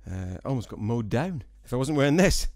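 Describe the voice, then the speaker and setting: A man with a softened Scottish accent chats to his viewers in a rambling, dry and self-mocking way, tossing jokey asides between thoughts. His voice sits at a middle pitch for a man. He is recorded in a small room at home, close and dry, with no echo. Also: very animated, brisk. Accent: Scottish, softened by years in England. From Scotland. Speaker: singer-songwriter. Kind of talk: rambling casual vlog chat to viewers.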